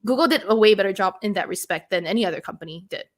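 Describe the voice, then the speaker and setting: Woman chatting on a tech podcast, mid pitch, lots of ums and quick asides. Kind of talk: casual chat.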